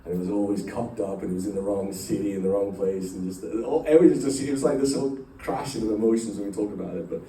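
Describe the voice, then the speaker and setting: A man's voice: fairly low pitch, quick pace, hardly any pauses, dark tone. A middle-aged man telling an emotional personal story to a group, rambling with many fillers and restarts. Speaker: speaker addressing a company group. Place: large room with a live group. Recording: echoey room, voice picked up from a distance.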